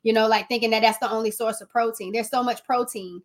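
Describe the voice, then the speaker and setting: A woman's voice: a little high, fairly even intonation, quick pace. A woman hosting a podcast, reflecting emphatically and asking rhetorical questions. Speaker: podcast host. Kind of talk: casual podcast chat.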